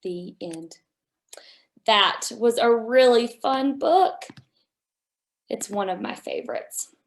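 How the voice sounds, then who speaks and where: A woman's voice: on the high side, lively intonation, slow. A young woman reading a picture book aloud to small children, wonder-filled and full of gasps, and then showing toy animals. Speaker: children's story time reader. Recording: echoey room.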